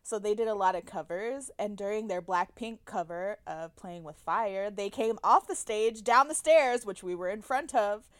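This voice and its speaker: A woman in her twenties chatting casually as a podcast co-host, an excitable storyteller who acts out screams. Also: mid-range voice, moderate pace, hardly any pauses, clean tone, no echo, studio quality. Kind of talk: casual chat.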